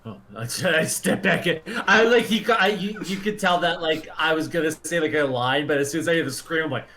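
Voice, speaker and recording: A man's voice: a little high, brisk, pushed and bright. A man playing a tabletop game. He talks in a rambling way and laughs often. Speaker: player. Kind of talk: tabletop role-play.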